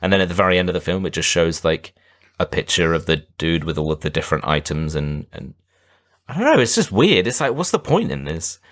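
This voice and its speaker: A man with a low, deep voice co-hosts a casual podcast, recapping a film in a rambling way. His delivery swings widely up and down as he talks, full of animated inflection. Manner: rambling recap with quick silly put-on voices. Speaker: podcast co-host. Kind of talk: casual film-review banter.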